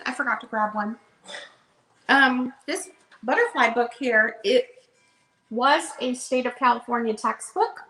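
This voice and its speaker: Woman, bookseller host, casual live-sale patter, fairly high voice, roomy sound. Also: sharp tone. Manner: casual, chatty, unhurried. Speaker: online bookseller. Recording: roomy echo.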